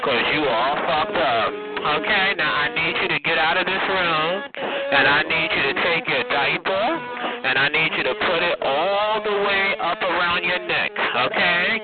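A speaker taunting someone with the same mocking questions over and over, in casual prank-call chatter. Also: mid-range voice. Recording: tinny phone line with loud noise.

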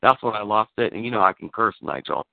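A man telling an animated story over a call, gravelly and full of cursing as he acts out what was said. His voice is dry, with a tinny phone-line sound. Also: lowish voice, quick pace, no echo. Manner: animated storytelling, swearing, acting out quoted lines. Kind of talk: casual phone chat.

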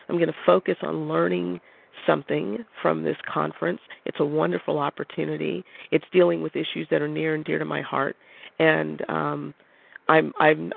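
A man's voice: fairly high pitch, vocal fry. A man on a call, telling a personal story in a reflective, hesitant way with many restarts. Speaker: caller. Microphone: phone line. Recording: phone-line audio.

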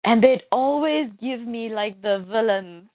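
A woman's voice: a little high, no room sound. Chatty woman co-host on a phone line. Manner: chatty, quick laughs, filler-heavy. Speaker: podcast co-host. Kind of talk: casual chat.

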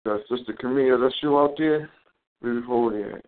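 A man's voice: medium pitch, fairly quick. A male host rambles through a heated, profane story in a casual live talk. His voice sits in a middle range. The audio is thin and phone-like. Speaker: show host. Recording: tinny phone-quality audio.

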